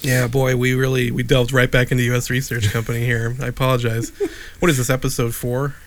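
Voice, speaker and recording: A man's voice: mid-range voice, flat delivery, fairly quick. Middle-aged man rambling through a story. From Wheeling, Illinois, USA. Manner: rambling, self-correcting storyteller with dry asides. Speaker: podcast co-host. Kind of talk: casual chat.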